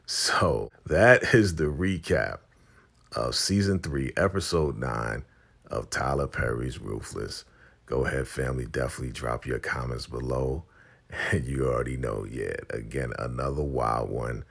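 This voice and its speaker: A man casually recapping a TV episode, telling the story in an animated way and acting out the scenes as he goes. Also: rumbling low, unhurried, vocal fry, husky. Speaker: TV recap vlogger.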